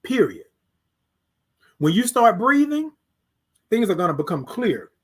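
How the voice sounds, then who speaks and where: A man hosting a morning livestream, giving a preachy, repetitive motivational talk and reading out viewer comments, moving between hushed words and loud emphatic bursts. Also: high voice, big pitch swings, unhurried, breathy edge. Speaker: host.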